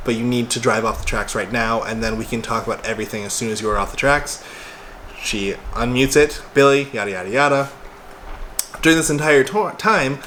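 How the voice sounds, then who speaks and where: A man's voice: mid-range voice, a bit bright, a little hiss or hum. A young man casually retelling a tense phone call from his helpline work, quoting both sides and swearing now and then. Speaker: former crisis helpline worker. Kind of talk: casual storytelling monologue.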